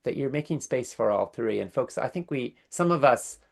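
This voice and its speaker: A man's voice: mid-range voice, lively intonation, moderate pace, gravelly. A man hosting a workshop, reflecting earnestly on a guest's story and listing ideas one after another. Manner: earnest, lists ideas in series. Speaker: workshop host. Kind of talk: reflective commentary.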